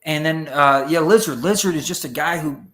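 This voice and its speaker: A man's voice: a little high, moderate pace. A man talking as a podcast guest in a casual chat, rambling and profane, acting out voices as he goes. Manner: rambling, profane, animated, acts out character voices.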